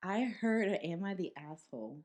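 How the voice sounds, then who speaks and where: A woman's voice: fairly low pitch, moderate pace. A woman in her twenties co-hosting a casual podcast, telling stories with lots of swearing and acted-out quotes. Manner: animated storyteller, swears freely, acts out quoted voices. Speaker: podcast co-host. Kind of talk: casual chat.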